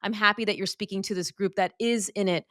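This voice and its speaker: A woman's voice: medium pitch, fairly even intonation, fast, fairly bright tone, no room sound, studio quality. A woman podcast host and pediatrician in casual interview chat, telling personal stories in an earnest, open way.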